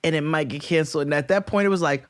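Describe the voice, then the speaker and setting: A man co-hosting a podcast, telling a long story in casual chat, acting out quotes in high voices and laughing often. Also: very fast, no echo, studio quality. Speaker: podcast co-host.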